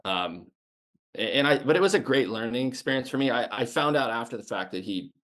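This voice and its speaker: A man's voice: medium pitch, animated, brisk, a bit bright. A man in his fifties from the United States, a former Navy sniper and podcast guest, telling his story in a blunt, casual way that is full of restarts and swearing.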